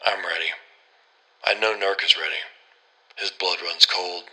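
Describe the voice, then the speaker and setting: A man's voice: low voice, steady tone, a little slow, pushed and bright, rough recording. A man narrating a horror story in a grim, terse first-person voice.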